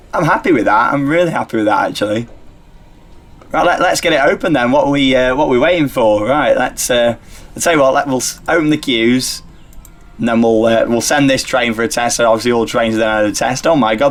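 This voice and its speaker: Chatty man narrating a ride simulator. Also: mid-range voice. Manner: chatty, upbeat, talks himself through each step. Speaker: theme park YouTuber playing a ride simulator. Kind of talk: casual gameplay commentary.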